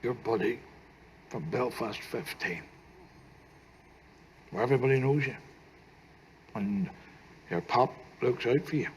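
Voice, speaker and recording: An older actor playing a gentle, humorous grandfather who gives his grandson life advice in a film scene, with a teasing tone. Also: medium pitch, a little slow, long pauses, slight background noise, lightly acted, poor audio.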